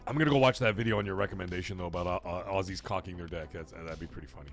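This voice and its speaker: A livestream host broadcasts casually from his home game room, rambling, cursing, laughing often and reading the chat aloud. His low voice races along with vocal fry, and soft music plays in the background.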